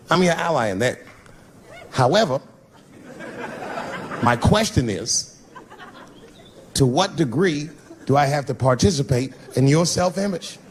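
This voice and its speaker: A man in his fifties from Washington, D.C., telling profane stand-up stories with a conversational delivery. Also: medium pitch. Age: 50s. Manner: profane, conversational, swings between voices. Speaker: stand-up comedian. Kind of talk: stand-up storytelling. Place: live comedy stage before an audience. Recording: noisy live venue recording.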